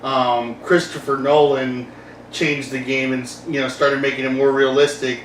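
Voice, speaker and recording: A man hosting a casual podcast chat, rambling and animated, laughing often and acting out quotes. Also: mid-range voice, moderate pace, a little hiss or hum. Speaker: podcast host. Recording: roomy, distant mic with faint ambience.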